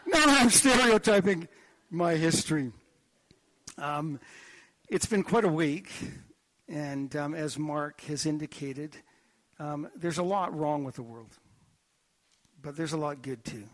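A male pastor preaching in a church. He tells stories animatedly, with jokes and lively asides, and his voice sits a little higher than most men's. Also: takes it slowly, long pauses. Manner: animated, joking storyteller. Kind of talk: sermon with anecdotes.

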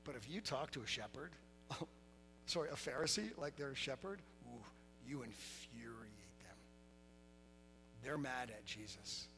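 A middle-aged man preaching a sermon, telling stories with lively quoted voices and laughter. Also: mid-range voice, normal speed, music in the background, rough recording. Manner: animated storytelling, laughing, voicing quotes. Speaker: pastor.

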